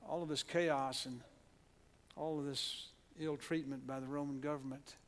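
Flat in delivery yet fairly bright in tone, this mid-range voice keeps a moderate pace. It belongs to an Oklahoma-accented pastor preaching earnestly in a church sanctuary, restarting often, repeating words, and leading the congregation in call-and-response.

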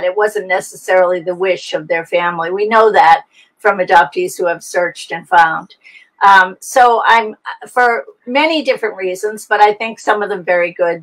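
A woman's voice: mid-range voice, rough recording. An older woman from the United States, an adoption expert talking reflectively in an interview over a video call, often restarting her sentences. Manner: reflective, storytelling, frequent restarts.

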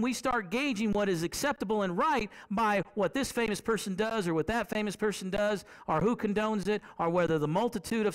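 A male preacher with a high voice that swings widely as he preaches. He talks to the congregation like in a conversation, keeps asking them questions and repeats phrases for emphasis. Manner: animated, conversational, asks the congregation rhetorical questions. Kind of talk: sermon.

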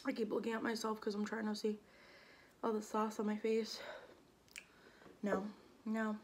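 A woman's voice: mid-range voice, completely flat delivery, normal speed, a little hiss or hum. A young woman vlogging to camera, flustered and a bit shaky, her mouth numb from spicy food. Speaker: mukbang vlogger. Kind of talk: casual vlog talk to camera.

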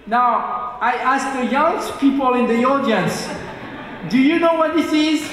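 A man's voice: very high voice, measured pace, fairly bright tone, far from the mic. A man giving a public lecture to a hall audience, engaging the listeners with questions and an anecdote. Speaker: guest lecturer.

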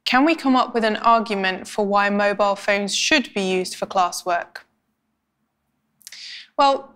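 A woman teaching academic writing in a clear, measured, scripted explainer style. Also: on the high side, a bit bright. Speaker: language instructor.

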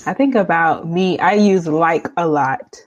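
A woman's voice: fairly low pitch, a little slow, no room sound, dull audio. A woman hosting a podcast interview, enthusiastic and affirming toward her guest. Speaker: podcast host.

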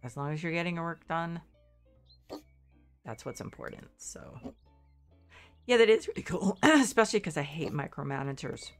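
A middle-aged woman with a low, congested voice chats casually while streaming a game, sounding very animated at a moderate pace. She rambles, second-guesses herself, restarts often and pauses a lot, with soft music playing in the background.

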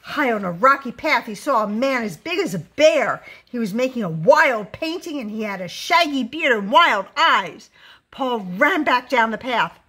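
A woman reading a children's picture book aloud, with expressive storytelling delivery. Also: fairly high pitch, moderate pace, breathy edge.

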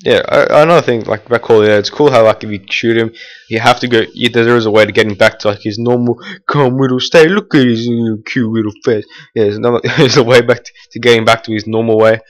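A man's voice: mid-range voice, fairly even intonation, fast talker. A teenage boy casually commenting on his gameplay, rambling with fillers and restarts and breaking into annoyed outbursts. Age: teens. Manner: erupts in annoyed outbursts at the game.

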